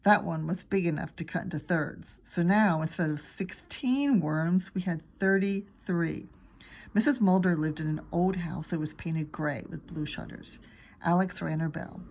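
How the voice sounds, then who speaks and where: A woman teacher reading a children's chapter book aloud, expressive and acting out the characters. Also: fairly low pitch, measured pace, vocal fry. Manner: expressive, acts out each character.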